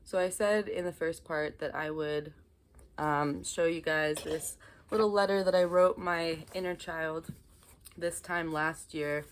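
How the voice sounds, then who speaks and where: Young woman vlogger, low voice, chatty and apologetic with lots of ums. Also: steady tone, measured pace, slight background noise. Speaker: vlogger talking about inner child healing. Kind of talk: casual talk to camera.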